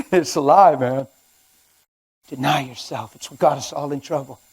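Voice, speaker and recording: An older man preaching a sermon in a church, conversational and animated with sudden loud outbursts. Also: a little high, measured pace, breathy edge.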